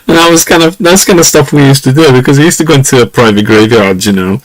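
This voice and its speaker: A man's voice: medium pitch, fast, no room sound, low-quality recording. A Scottish man hosting a podcast, telling stories in a rambling, chuckling way with lots of fillers, at home on a lesser mic. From Scotland. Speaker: podcast host. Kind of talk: casual storytelling. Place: home room.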